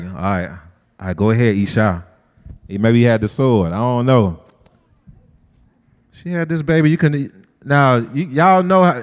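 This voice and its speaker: A man teaching a lively, conversational sermon-style lesson and asking his group questions. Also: medium pitch, clean tone. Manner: lively, talks straight to the group, asks them questions. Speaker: Bible study teacher. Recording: long hall reverb.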